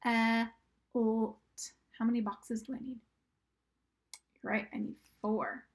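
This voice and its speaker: A woman teaching a recorded reading and writing lesson to young children, patient and encouraging, sounding out words slowly and sometimes dropping to a whisper. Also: fairly high pitch, vocal fry.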